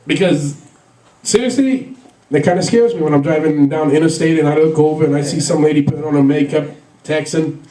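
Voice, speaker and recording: A man's voice: a little high, animated, moderate pace, roomy sound, distant mic, a crowd in the background, low-quality recording. A man doing a stand-up comedy set, rambling through stories with lots of fillers and laughs at his own jokes. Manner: rambling, filler-heavy storytelling with frequent laughs.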